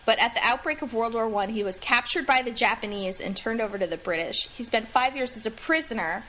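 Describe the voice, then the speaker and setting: A woman co-hosting a relaxed podcast conversation, her voice sitting a little high. She talks in a chatty, hesitant way, filling gaps with ums, and a faint hiss sits under the recording. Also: brisk. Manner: chatty, hesitant with many ums, laughs nervously. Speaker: podcast co-host. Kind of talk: casual chat about books.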